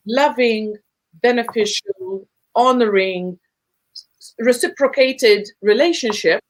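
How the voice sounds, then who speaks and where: A woman with a somewhat high voice explains how relationships work on a podcast. She talks in an emphatic, teacherly way and stacks words into lists to drive each point home. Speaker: guest speaker on relationships.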